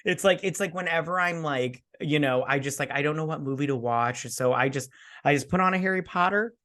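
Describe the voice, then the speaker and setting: A man co-hosting a casual movie podcast, laid-back and gushing, quick to laugh. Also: a little high, a bit bright. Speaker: podcast co-host.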